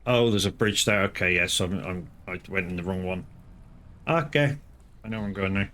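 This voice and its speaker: Low-pitched and sharp-toned, this man talks at a normal speed while streaming a farming game. His casual commentary to viewers rambles, includes swearing, and keeps restarting.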